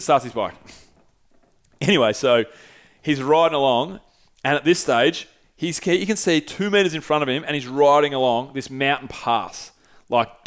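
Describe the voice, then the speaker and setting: Smooth-voiced man telling a laid-back story. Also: mid-range voice. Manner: laid-back, swears freely, acts out quoted dialogue. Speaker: podcast host. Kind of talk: casual storytelling.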